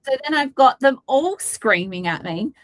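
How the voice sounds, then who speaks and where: A woman's voice: sits high, animated, normal speed, dry recording. A woman in her thirties with an Australian accent, co-hosting a live webinar and telling a candid, chatty story with some mild swearing. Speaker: webinar co-host. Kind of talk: casual live webinar chat.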